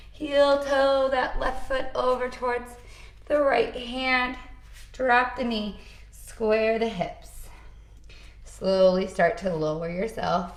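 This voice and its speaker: A woman teaching a yoga class, calmly cueing poses and breaths with encouraging asides. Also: medium pitch, echoey room. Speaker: yoga instructor. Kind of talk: guided yoga class instruction.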